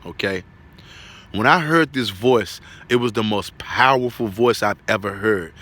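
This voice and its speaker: A man's voice: medium pitch, pushed and bright. A man giving an earnest spoken religious testimony, repeating himself and checking in with tag questions.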